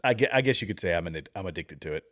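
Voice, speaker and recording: A man's voice: deep voice, animated, very fast. A middle-aged man hosting a livestream, chatting casually with viewers, rambling and chuckling at clips. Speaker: livestream host.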